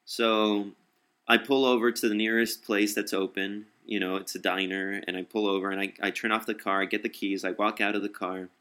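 A young man tells a personal anecdote in a low, forceful voice. He swears bluntly and stumbles into restarts as he goes. The delivery is casual and unscripted. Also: flat delivery. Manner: profane, blunt, halting with restarts. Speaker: storyteller.

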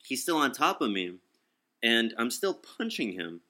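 A young man in casual talk, telling a story. He is animated, acts out quotes and swears freely. His voice sounds bright and tense. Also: medium pitch, unhurried.

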